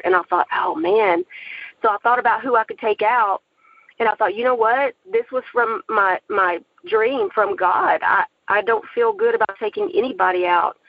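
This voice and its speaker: Earnest woman with a gravelly voice. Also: a little high, normal speed, no room sound, narrow, tinny audio. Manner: earnest, animated storytelling with religious conviction. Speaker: aspiring filmmaker telling her story. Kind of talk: personal testimony.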